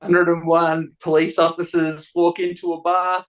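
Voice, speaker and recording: A man comedian telling improv jokes in a brisk, deadpan way. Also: fairly high pitch.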